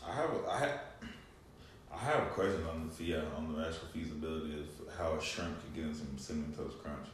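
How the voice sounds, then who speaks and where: Low voiced guy, laid back, kinda halting, sounds far from the mic in a big echoey room. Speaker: podcast co-host. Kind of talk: casual chat. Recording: very echoey room, away from the mic, faint background hum.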